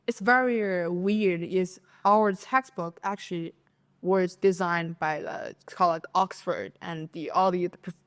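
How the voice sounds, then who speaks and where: A woman from China with a Chinese accent, a podcast co-host telling a school story in casual chat, animated and lively as she acts out her classmates' voices. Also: mid-range voice.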